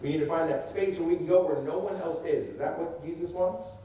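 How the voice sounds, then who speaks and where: Male pastor, conversational sermon delivery, warm lower tones, faint room hiss. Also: brisk. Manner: reads scripture then preaches conversationally, acting out quotes. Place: church sanctuary. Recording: echoey room heard from a distance.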